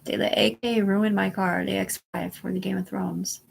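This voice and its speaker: Gravelly-voiced woman rambling on a livestream. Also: medium pitch, level tone, normal speed, low-quality recording. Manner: profane, rambling, often drops to a whisper. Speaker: livestream host.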